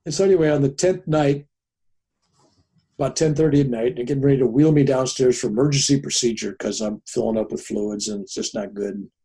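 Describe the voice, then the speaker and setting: A man in his seventies, a podcast guest, telling a personal story in an animated way and acting out the people in it. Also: medium pitch, a little fast, slightly rough. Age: 70s.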